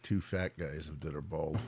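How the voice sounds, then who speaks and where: Deep husky man greeting viewers. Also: darkish tone. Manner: greets viewers one by one, friendly banter. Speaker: livestream host. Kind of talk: casual chat.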